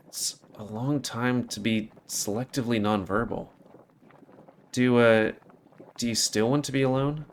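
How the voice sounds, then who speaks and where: A man reading a visual novel aloud with an expressive delivery and hesitant, stumbling asides. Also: medium pitch, unhurried, slight background noise.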